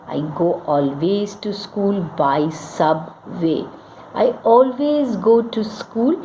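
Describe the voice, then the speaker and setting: A woman's voice: medium pitch, a little mellow, a little hiss or hum. A woman teaching English grammar, reading out wrong sentences, then correcting them and quizzing her students. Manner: slow, deliberate, corrects each sentence and quizzes the class. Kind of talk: classroom grammar lesson. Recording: echoey room with faint ambience.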